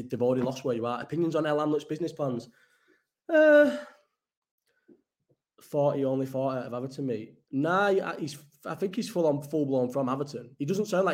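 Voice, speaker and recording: A man's voice: a little high, a little mellow. A young man hosting a casual live-chat stream, rambling, swearing and answering viewers' comments as he goes. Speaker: livestream host.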